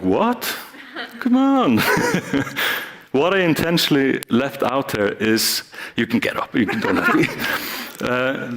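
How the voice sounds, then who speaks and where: A man's voice: medium pitch, fairly bright tone, a little hiss or hum. Playful man giving a stage talk. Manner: playful, acts out short scenes with the audience. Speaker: speaker. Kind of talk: live stage talk with audience volunteers. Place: stage in front of a live audience.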